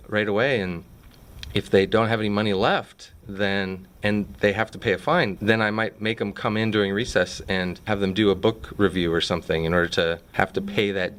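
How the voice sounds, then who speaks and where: A man with a low voice explains how things work in his fifth grade classroom. He talks easily and conversationally, scattering little fillers as he goes. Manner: relaxed, chatty, frequent fillers.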